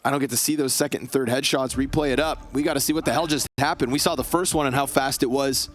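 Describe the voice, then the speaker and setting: A man with a sick voice doing quick, excitable play-by-play esports commentary with jokes. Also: medium pitch. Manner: fast, excitable, jokey. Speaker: esports caster.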